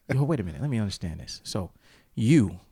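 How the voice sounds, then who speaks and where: Animated, profane man ranting. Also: fairly low pitch, normal speed, husky, dry recording, clean studio sound. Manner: profane, animated storytelling with heated outbursts. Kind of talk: casual ranting chat.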